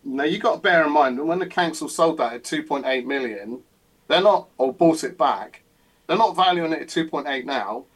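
A man's voice: on the high side, expressive, normal speed, slightly rough. A man with an English accent, a football club chairman, talking casually and at length with many hesitations and repeated words. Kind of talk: casual chat.

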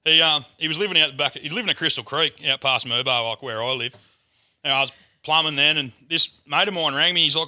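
A man's voice: fairly high pitch, quick pace, no room sound. An Australian man, a comedian, telling a crude story in casual chat. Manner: crude, swearing, animated yarn-telling. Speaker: guest comedian.

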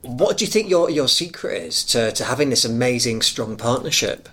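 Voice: medium pitch, lively intonation, normal speed, fairly bright tone. An interview host asking questions casually, murmuring along while the guests talk. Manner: friendly, many back-channel murmurs. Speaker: podcast host.

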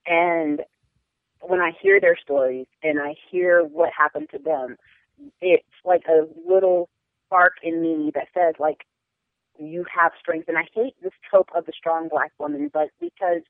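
A young woman speaking frankly and earnestly as a podcast guest, her talk full of "like" and "um". Her voice comes through a tinny, narrow phone line. The sound is dry and close, with no room echo. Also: lowish voice. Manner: earnest, frank, many fillers like "like" and "um". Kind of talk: personal storytelling interview. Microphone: phone or call line.

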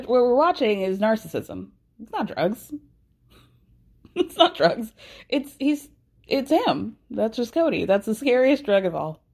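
A young woman hosts a gossipy TV recap in a sassy, sarcastic tone. Her voice sits a little high and swoops all over the place as she riffs. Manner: sassy and animated, with sarcastic asides. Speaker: recap podcast host.

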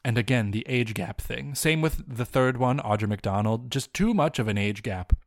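A man hosting a comedy podcast, rambling deadpan through a made-up film recap and breaking into mock-angry rants. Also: medium pitch, moderate pace, dry recording, clean studio sound.

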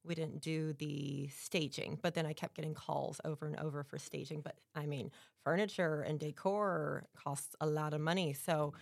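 A middle-aged woman speaks in a low, gravelly voice, earnest and full of feeling as she tells her stories. She talks in a loose, casual way with plenty of fillers. The sound is dry and close, with no room around it. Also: steady tone, normal speed, few pauses, dry recording. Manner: earnest, emotional storytelling with frequent fillers. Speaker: guest, realtor and home stager. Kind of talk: casual interview chat.

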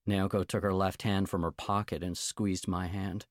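A man narrating a novel in the first person, with a measured, gentle storytelling manner and a gravelly voice. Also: deep voice, little pitch movement, dry recording, clean studio sound. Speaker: audiobook narrator.

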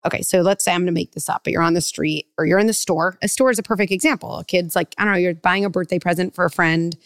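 A middle-aged woman psychologist giving parenting advice in a podcast interview, animated and full of "like", acting out parent and child lines. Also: fairly low pitch, fast talker, dry recording, clean studio sound. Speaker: clinical psychologist guest.

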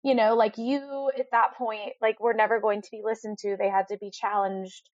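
A woman's voice: medium pitch, flat delivery, normal speed, dry recording. A woman hosting a casual chat, reacting with emphatic exclamations. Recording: dry, dull lo-fi audio.

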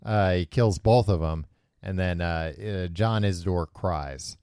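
Laid-back low-voiced man recapping a book. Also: unhurried, darkish tone, clean tone, no room sound, studio quality. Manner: retells the plot with loose, offhand quoted voices. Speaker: podcast host. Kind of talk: casual book discussion.

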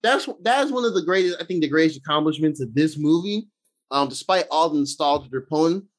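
A man co-hosting a casual movie talk show, rambling excitedly and acting out scenes with lots of fillers. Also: fairly high pitch, quick pace. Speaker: podcast co-host.

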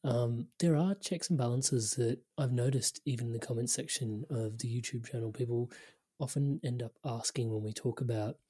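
A man's voice: mid-range voice, moderate pace, dark tone, slightly rough. A man hosting a podcast interview, speaking in an appreciative, reflective way. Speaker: podcast host.

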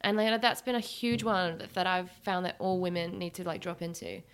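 A woman's voice: on the low side, normal speed, clean tone. A woman who runs workshops for women, explaining her ideas as a guest in an earnest, teaching way, with many fillers. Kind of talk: explanatory conversation.

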